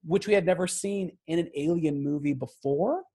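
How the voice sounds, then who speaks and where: A man chatting casually about a film as a podcast co-host. His voice sits a little high, and he talks with an animated, profane energy, laughing often. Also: moderate pace, husky. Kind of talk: casual movie review chat.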